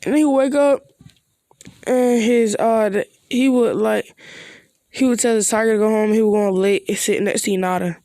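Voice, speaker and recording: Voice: mid-range voice, fairly even intonation, moderate pace, dark tone, no room sound, studio quality. A casual fan storyteller making up an anime what-if plot on the spot, rambling and hesitant with slangy asides. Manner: rambling, hesitant, slangy with many "you know" and "bro". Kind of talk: improvised fan-fiction narration.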